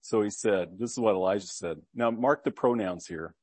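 A man's voice: fairly low pitch, moderate pace, darkish tone, breathy edge, dry recording. A man preaching a sermon, reading scripture aloud and explaining it with earnest rhetorical questions.

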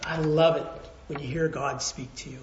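A man pastor giving a sermon, telling stories in a conversational way, dropping to hushed tones and then rising again. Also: fairly high pitch, fairly even intonation, normal speed, a little hiss or hum. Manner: storytelling, conversational, swings from hushed to raised. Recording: roomy, slightly dull sound.

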